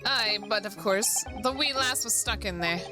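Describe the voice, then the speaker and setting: A woman's voice: on the high side, normal speed, close to an everyday voice. A woman voicing a jovial middle-aged Irish man with a put-on Irish accent, folksy and rambling, over background music. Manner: folksy, rambling, old-fashioned turns of speech.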